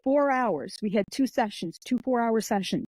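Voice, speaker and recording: Animated woman telling a story, mellow voice. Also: a little high, moderate pace, dry recording, low-quality recording. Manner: animated, acts out the voices in her anecdotes. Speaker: guest, author and martial artist. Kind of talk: storytelling in a podcast interview.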